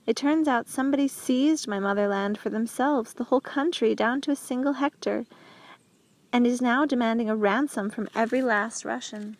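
A woman's voice: a little high, moderate pace, no echo, lightly acted. A woman voicing an outspoken, earnest male prisoner in an audiobook, blunt and pleading. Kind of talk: audiobook character reading.

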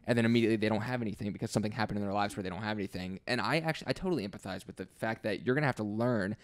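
A man's voice: fairly low pitch, rapid-fire. A young adult man talking as a podcast guest in a laid-back, earnest, plainspoken way with casual slang. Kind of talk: casual chat.

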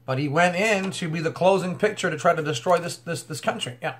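A YouTube commentator talks directly to the camera in a religious commentary vlog, his voice on the high side and fairly quick. He bursts into exclamations like "oh" and "wow" and repeats words as he speaks.

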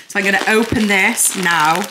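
A young woman chatting casually to a handheld phone camera at home, gushing and excitable as a family vlogger. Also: medium pitch, moderate pace, background noise. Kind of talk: casual vlog chat to camera.

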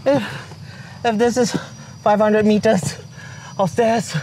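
A man's voice: sits high, fairly even intonation, slow, pauses often, mellow, a little hiss or hum. A man talking to his viewers while hiking outdoors, out of breath, joking and complaining as he climbs. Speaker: vlogger. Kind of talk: casual hiking vlog. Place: outdoors on a forest trail.

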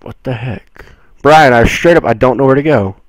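A young man giving casual commentary on a horror game, excitable and jumpy, moving between low mutters and sudden yells. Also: moderate pace, no echo, rough recording. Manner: jumpy, excitable, swings from mumbling to yelling. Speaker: gameplay streamer.

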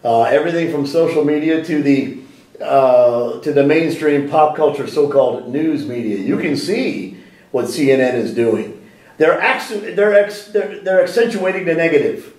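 A man's voice: on the high side, expressive, normal speed, darkish tone, reverberant, distant mic, rough recording. A man giving a sit-down interview in a library room, talking animatedly with frequent restarts and rhetorical questions. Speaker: interview guest.

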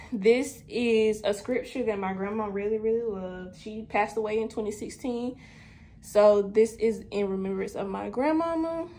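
A young woman in her twenties chatting casually to viewers in a vlog, a little out of breath, saying "y'all" often. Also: mid-range voice. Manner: chatty, addresses viewers as "y'all", many fillers. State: slightly out of breath. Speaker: vlogger. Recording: echoey room, faint background noise.

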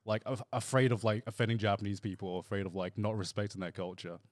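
A man's voice: on the low side, fairly even intonation, fast, no room sound, studio quality. A man hosting a casual group chat, hesitant with many restarts. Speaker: podcast host.

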